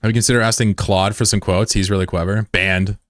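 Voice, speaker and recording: A man with a Mid-Atlantic American accent talks in a low, flat, laid-back way, chatting casually with viewers of his stream. The sound is dry and close, with no room echo. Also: a little fast. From United States. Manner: self-described monotone, plain and laid-back. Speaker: game streamer. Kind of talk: casual live-stream chat, reading viewer messages.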